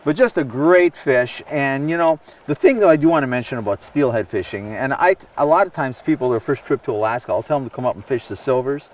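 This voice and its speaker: Enthusiastic fishing show host, distant mic. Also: male voice, mid-range voice, expressive, fairly quick, few pauses. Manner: enthusiastic, rambling with many restarts. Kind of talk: casual on-the-water chat. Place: outdoors on a river boat.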